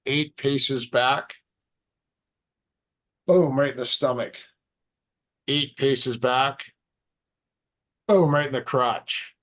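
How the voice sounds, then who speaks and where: A man, a martial arts instructor on a podcast as a guest, telling stories in a casual, animated, halting way. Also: medium pitch. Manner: animated, halting, repeats words. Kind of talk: casual storytelling.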